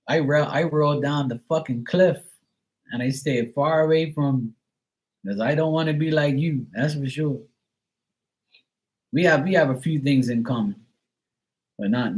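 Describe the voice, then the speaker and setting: A man's voice: medium pitch, darkish tone, low-quality recording. A man hosting a live stream, chatting casually in a sarcastic, rambling way and swearing now and then. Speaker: live stream host reading chat. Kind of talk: casual chat.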